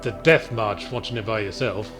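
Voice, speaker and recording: A man's voice: fairly low pitch, moderate pace. Dry British man narrating his gameplay. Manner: dry, sardonic asides while playing. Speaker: streamer playing the game. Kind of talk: casual let's-play commentary. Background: game music.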